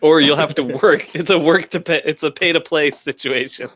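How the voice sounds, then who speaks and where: A man's voice: on the high side, normal speed, a bit bright, dull audio. A man co-hosting a comics podcast, chatting in a giggly, good-humored way. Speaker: podcast co-host. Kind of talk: casual chat.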